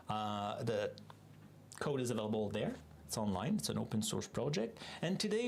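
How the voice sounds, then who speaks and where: A man's voice: a little high, creaky, a little hiss or hum. A man with a French Canadian accent, a native French speaker, chatting casually and rambling through asides while hosting a live coding stream.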